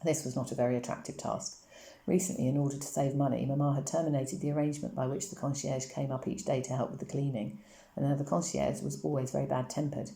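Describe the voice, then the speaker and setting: Woman, audiobook reader, steady storytelling, gravelly voice, echoey room. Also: a bass voice, fast. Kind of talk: reading a novel aloud. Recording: roomy echo.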